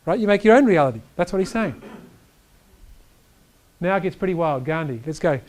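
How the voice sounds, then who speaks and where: A man giving an energetic chiropractic lecture, emphatic and animated, often checking in with "right?". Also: high-pitched, brisk, a little hiss or hum. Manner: reads quotes aloud to the audience.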